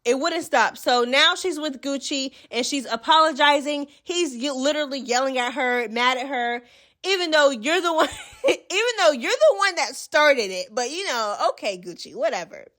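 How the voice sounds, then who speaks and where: A woman with a very high, sharp, bright voice hosts a casual recap vlog. She is sassy and expressive, full of slang, and talks straight to her viewers like friends. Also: normal speed. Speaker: host of a reality TV recap channel.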